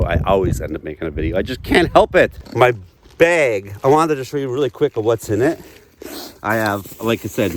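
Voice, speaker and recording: Middle-aged guy rambling thru a woods how-to, chatty, jokey, noisy outdoor recording. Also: lowish voice. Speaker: outdoors vlogger. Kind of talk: casual how-to vlog.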